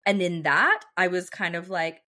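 A woman's voice: on the low side, moderate pace, bright, forceful tone. A young woman co-hosting a podcast, chatting casually and gushing, with lots of filler words. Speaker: podcast co-host. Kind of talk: casual chat.

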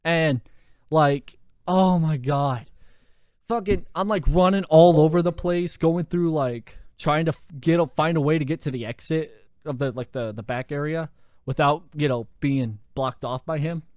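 A young man hosting a podcast, telling a story in a lively, profane way with lots of fillers, into a handheld mic. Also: a little high, unhurried, no room sound, clean studio sound. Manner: animated, profane, full of fillers. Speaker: podcast host. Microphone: handheld microphone.

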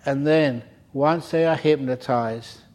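A man's voice: medium pitch, slow, a little mellow, lightly acted. A man doing a sly senior monk. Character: sly older male monk giving advice.

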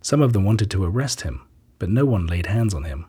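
A man giving a steady scripted scripture reading in a husky voice. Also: low-pitched, brisk. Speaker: reader.

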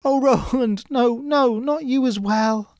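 A man's voice: high-pitched, very animated, a little slow, dark tone, dry recording, clean studio sound, pitched above the performer's own voice, heavily acted. A man voicing a tearful captive maiden. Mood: pleading. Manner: pleading and tearful. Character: sorrowful young woman held captive by elves.

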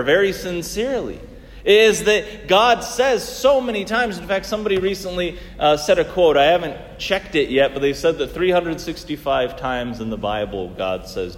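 A man's voice: fairly high pitch, big-room sound. A man preaching a sermon in earnest tones, asking rhetorical questions and swinging his emphasis up and down.

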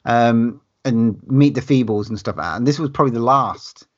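A man's voice: mid-range voice, normal speed, highs cut off. A man co-hosting a casual film chat, enthusiastic and sweary, laughing between phrases. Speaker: podcast co-host.

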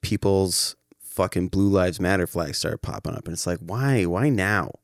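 A man's voice: deep voice, moderate pace, no room sound, studio quality. A young man co-hosting a casual podcast chat, rambling and swearing freely, laughing at his own jokes. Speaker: podcast co-host.

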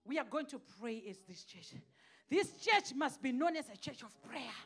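High-pitched impassioned woman preacher. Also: big pitch swings, normal speed, husky. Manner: impassioned preaching, shifting from shouts to hushed scripture reading. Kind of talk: sermon.

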